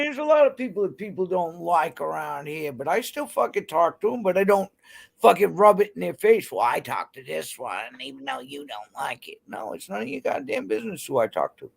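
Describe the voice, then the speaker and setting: A woman's voice: on the high side, vocal fry. A woman hosting a livestream, ranting bluntly and heatedly with constant swearing. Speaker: livestream host. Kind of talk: angry livestream rant to chat.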